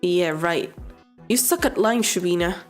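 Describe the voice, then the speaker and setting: A woman's voice: on the low side, a little slow, faint music behind, voice pushed down, lightly acted. A woman voicing a hostile teenage boy bully, snarling and threatening. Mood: sneering. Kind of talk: voicing a visual novel.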